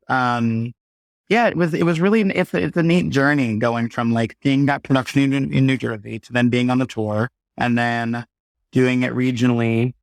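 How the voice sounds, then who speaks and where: Animated man telling stories on a podcast. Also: medium pitch, no echo, studio quality. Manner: animated storyteller, acts out quotes. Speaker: podcast guest. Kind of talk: casual conversation.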